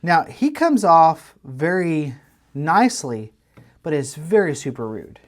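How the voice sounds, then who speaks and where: A man, co-hosting a podcast and telling a long story in a casual, animated way with lots of restarts. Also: on the high side, slow. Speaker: podcast co-host. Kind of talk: casual chat.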